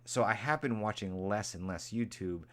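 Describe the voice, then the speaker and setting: Rambling man chatting on a live stream. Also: normal speed. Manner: rambling, repeats himself, jumps to high mock voices when imitating angry people. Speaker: vlogger hosting a live stream. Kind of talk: casual live-stream chat.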